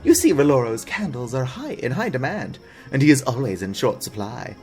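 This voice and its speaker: A man voicing a showy, scheming male candle merchant in a game, with a put-on foreign accent and a slow, grand delivery. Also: mid-range voice, sing-song, faint music behind, lightly acted. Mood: grandiose. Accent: vague put-on foreign accent.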